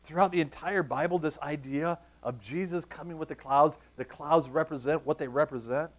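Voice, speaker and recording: A man's voice: fairly high pitch, moderate pace. A man, preaching a sermon and telling a personal story, tearing up at times. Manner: storytelling, animated, emotional. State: tearful. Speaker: pastor.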